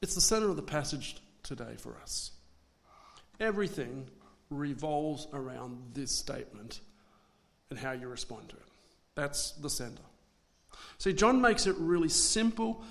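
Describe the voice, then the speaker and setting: A man preaching a sermon, swinging between loud dramatic declarations and hushed asides. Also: on the high side, creaky.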